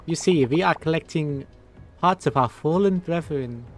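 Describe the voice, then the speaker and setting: A man's voice: fairly high pitch, normal speed, soft background music, close to an everyday voice. A man voicing grand, shady male monster creatures in a vague put-on foreign accent, drawn out and theatrical. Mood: grandiose.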